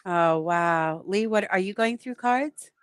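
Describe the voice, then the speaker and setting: A woman's voice: medium pitch, slow pace, clear, resonant tone, no echo, clean studio sound. A woman, chatting casually and telling a story on a podcast with friends. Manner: chatty storyteller, laughs easily. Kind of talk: casual chat.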